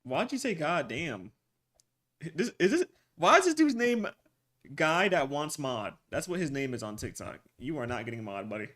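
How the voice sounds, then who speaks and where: A young man streaming live, chatting casually with his viewers in animated slang and laughing often. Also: fairly high pitch, normal speed. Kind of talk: casual livestream chat with viewers.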